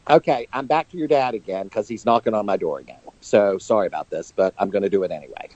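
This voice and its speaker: A man's voice: on the low side, quick pace, darkish tone, no echo. A man, a psychic medium, telling personal stories earnestly and openly in a phone interview. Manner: earnest, open about emotion. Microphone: telephone. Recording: dull, lo-fi phone line.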